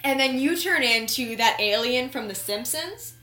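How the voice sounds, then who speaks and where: A young woman co-hosting a podcast, telling a story in an animated, giggly way and swearing freely. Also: high voice, moderate pace. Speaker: podcast co-host. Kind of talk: casual chat. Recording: echoey room.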